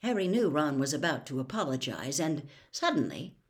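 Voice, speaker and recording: A woman storyteller reading a novel aloud with expressive, dramatic delivery. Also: low voice, moderate pace.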